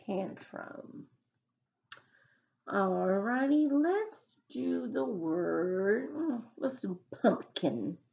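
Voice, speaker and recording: Woman teacher, unhurried dictation, muffled lo-fi recording. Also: medium pitch, big pitch swings, vocal fry. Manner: slow, patient dictation with example sentences. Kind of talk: recorded phonics lesson.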